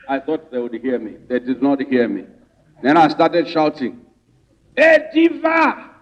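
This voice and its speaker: A man from Zimbabwe delivers a rousing speech to a hall, building his points through repeated rhetorical questions. His voice sits at an everyday pitch and sounds set back from the microphone. The recording is dull and lo-fi. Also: distant mic. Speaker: rights advocate giving a speech. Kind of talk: public speech to an audience.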